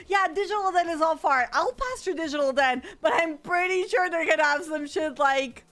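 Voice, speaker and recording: A woman's voice: high-pitched, measured pace, fairly bright tone, soft background music. A woman streaming a roleplay game, laughing hard and exclaiming, with tears of laughter in her voice.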